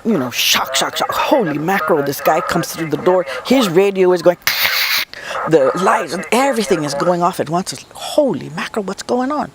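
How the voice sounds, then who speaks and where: A woman's voice: lowish voice, expressive, normal speed, a crowd in the background. An older woman from Guam recounting a personal memory for an oral history, emotional and reflective, often repeating words for emphasis. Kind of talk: personal storytelling.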